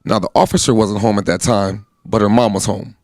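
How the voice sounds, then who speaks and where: A man's voice: on the low side, fairly even intonation, a little fast, darkish tone, dry recording, studio quality. A man in his thirties, an army veteran, earnestly recounting a personal account in plain conversational speech. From United States. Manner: earnest, plainspoken, acts out quoted voices. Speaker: guest telling his story.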